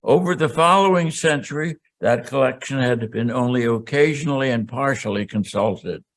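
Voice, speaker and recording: A man's voice: medium pitch, normal speed. Older male lecturer, reads prepared text, then wanders off into hesitant asides. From Pennsylvania. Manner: rambling, hesitant asides with many ums and restarts. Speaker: seminar lecturer. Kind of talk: historical lecture. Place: college lecture hall.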